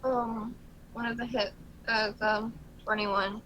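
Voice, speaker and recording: Female player: high, flat delivery, hesitant, with clear background noise on her voice-chat line. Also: takes it slowly, low-quality recording. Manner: hesitant, many fillers. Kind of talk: casual tabletop play.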